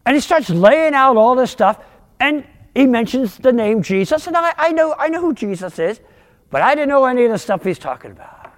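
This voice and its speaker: A man in his sixties from outside Philadelphia, telling his conversion story as a sermon testimony, with animated, storytelling delivery. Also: moderate pace, long reverb tail. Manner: animated storytelling, wide pitch swings, rising for punchlines. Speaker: guest speaker giving testimony.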